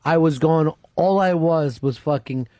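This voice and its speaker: A man hosting a radio talk show, telling profane, animated stories from his past. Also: on the high side, measured pace, dry recording. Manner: animated, swears constantly, acts out voices in stories. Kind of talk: profane storytelling chat. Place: radio studio.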